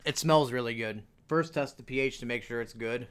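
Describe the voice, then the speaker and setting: A man's voice: mid-range voice, a little fast, fairly bright tone, clear, resonant tone. Chatty man hosting a home cooking vlog. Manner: chatty, jokey asides to viewers. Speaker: cooking video host. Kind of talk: casual cooking demonstration. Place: home kitchen.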